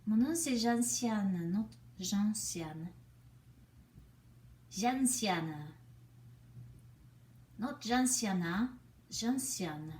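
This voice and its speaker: A woman's voice: fairly high pitch, lively intonation, slow, few pauses, darkish tone. A woman voicing a proud lady who insists that her name be said right, correcting the listener. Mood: insistent. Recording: echoey room, distant mic, faint noise.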